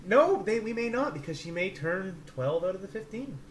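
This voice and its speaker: Fairly high-voiced jokey man playing a tabletop game, faint hiss. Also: big pitch swings, moderate pace. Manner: chatty, jokey. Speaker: player.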